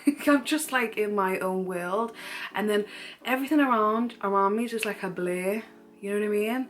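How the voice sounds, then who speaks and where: A young woman, candidly retelling a personal story in a casual vlog, animated and full of fillers. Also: mid-range voice, brisk, faint music behind. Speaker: vlogger.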